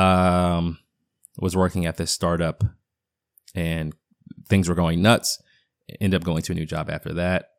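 A man's voice: low-pitched, no echo, studio quality. A man in his thirties with a partial Boston accent, hosting his own podcast and giving a casual, rambling solo update with fillers and restarts. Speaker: podcast host. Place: home basement.

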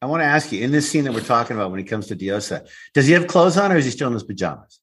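A man's voice: medium pitch, racing, slight background noise. A man co-hosting a podcast, joking and swearing as he chats casually about old episodes. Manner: animated, joking, swears often. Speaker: podcast co-host, former cast member.

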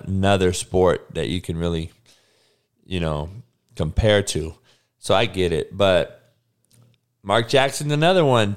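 A sports podcast host rants bluntly and profanely in a casual way, talking back to his live chat. His voice is fairly low, clear, and resonant.

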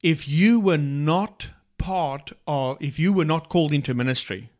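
A man co-hosting a casual faith talk, retelling Bible stories in an unhurried way with many restarts. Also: on the high side, darkish tone. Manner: slow, unhurried storytelling with restarts and laughs.

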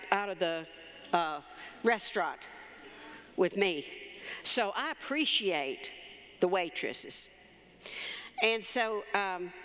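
A woman's voice: mid-range voice, a bit bright. Female preacher, pastor's wife, homey testimony-style sermon, live church reverb. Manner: conversational storytelling, calls for amens. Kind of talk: sermon with personal story.

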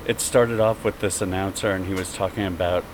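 A man casually retelling an old radio commercial, in a slow, drawn-out delivery. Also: deep voice, steady tone, noisy background. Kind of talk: casual storytelling.

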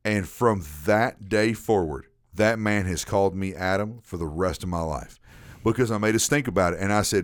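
A man hosting a podcast, telling a story in a casual, animated way with frequent repeats. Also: low-pitched, moderate pace, dry recording, clean studio sound. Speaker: podcast host.

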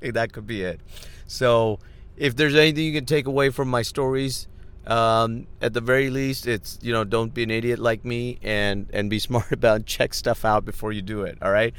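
A man's voice: medium pitch, fairly even intonation, moderate pace, a bit bright, clean tone. A man, a comedian and podcast host, telling a story in a rambling, self-deprecating monologue and laughing as he talks. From Middle East.

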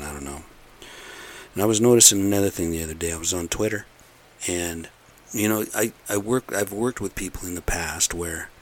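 A man's voice: sits low, slight background noise. A middle-aged man in a casual, rambling monologue, blunt and aggrieved, repeating himself as he rants. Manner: aggrieved, blunt, repetitive ranting.

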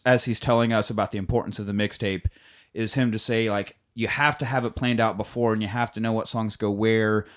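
A man in casual chat, retelling a movie's plot in a rambling way, swearing and acting out the characters' lines. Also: fairly low pitch. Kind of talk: casual chat recapping a film.

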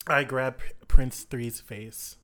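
A man playing a tabletop game, speaking loudly and brashly in character. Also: medium pitch, steady tone, slow. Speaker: player. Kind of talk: tabletop role-play.

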